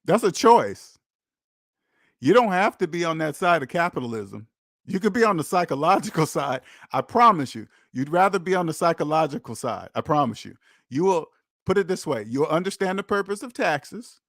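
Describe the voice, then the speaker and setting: A man delivers a preachy personal finance monologue straight to his viewers, leaning hard on repetition for emphasis. His voice sits a little high for a man. The recording is dry and close, with no room sound. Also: big pitch swings, moderate pace, a bit bright, no echo. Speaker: personal finance channel host. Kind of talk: preachy direct-to-camera monologue.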